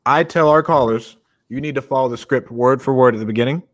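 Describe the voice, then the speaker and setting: A young man co-hosts a casual podcast and speaks in a direct, energetic way. He sounds like he is coaching a team of callers. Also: mid-range voice, quick pace. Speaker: podcast co-host.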